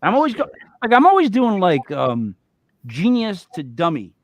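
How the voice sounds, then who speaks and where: A man hosting a podcast, chatting casually in an animated, joking, rambling way. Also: sits high, moderate pace, no echo. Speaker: podcast host. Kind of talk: casual chat.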